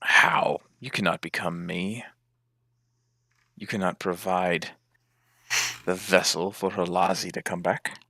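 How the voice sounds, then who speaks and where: A man's voice: sits low, steady tone, slow, pauses often, pushed and bright, exaggerated voice. A man voicing a sinister spirit inside a totem, speaking in a hissing whisper. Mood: contemptuous.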